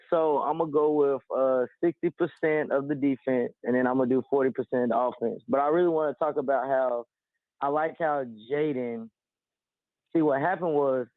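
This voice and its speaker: A man's voice: medium pitch, dry recording. A man calling a sports radio show, breaking down the game at length over a phone line. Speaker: caller.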